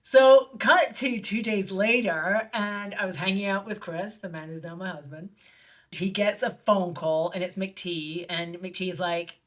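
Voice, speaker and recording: A woman filmmaker telling an anecdote in an interview, animated and acting out the voices of the people she quotes. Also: a little slow. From lived in Barcelona. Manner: animated, acts out quoted voices with big pitch jumps. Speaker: guest filmmaker. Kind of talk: storytelling in an interview.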